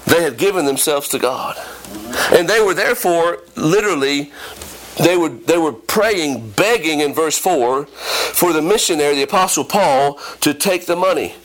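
A man preaching an animated, emphatic sermon in a church, repeating phrases and acting out quotes. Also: a little high, normal speed, poor audio. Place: church before a responding congregation.

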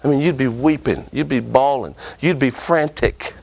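A man preaching a sermon with impassioned delivery, often jumping up and down in pitch for emphasis. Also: moderate pace, creaky, darkish tone.

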